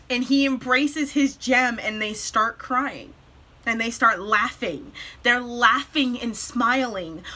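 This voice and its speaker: Tearful, excitable young woman recapping a show. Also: fairly high pitch. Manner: tearful, breaks off to compose herself; animated retelling with quick bursts. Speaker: vlogger.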